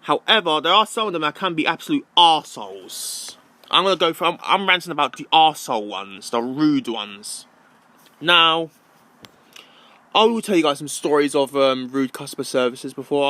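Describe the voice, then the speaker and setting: A man's voice: a little high, normal speed, pushed and bright. A young man ranting casually to camera, rambling and repeating himself with many ums. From London. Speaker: vlogger.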